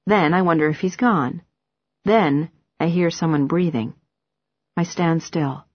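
Woman audiobook narrator, low steady voice, dry close sound, first-person novel. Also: breathy edge, dry recording, lo-fi sound. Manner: steady, measured storytelling.

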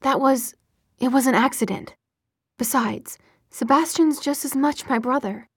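A woman reading an audiobook, voicing a cocky, teasing young man who speaks smoothly and mockingly. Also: high-pitched, unhurried, dry recording, clean studio sound, full character voice.

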